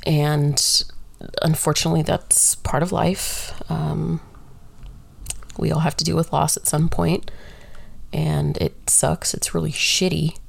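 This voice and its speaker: Low-voiced woman with heavy vocal fry, just rambling candid and cursing a bit. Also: level tone, takes it slowly, dry recording. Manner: candid and rambling, swears freely. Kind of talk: casual solo monologue.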